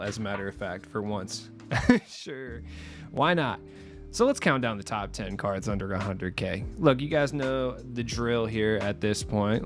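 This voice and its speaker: A young man hosting a casual gaming video, chatty and self-deprecating, laughing at his own jokes. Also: medium pitch. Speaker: gaming YouTuber host. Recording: faint music behind voice.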